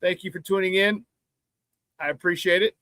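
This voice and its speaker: A man hosting a casual sports talk show, animated, laughing easily and greeting viewers by name. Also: high-pitched, moderate pace, no echo, clean studio sound.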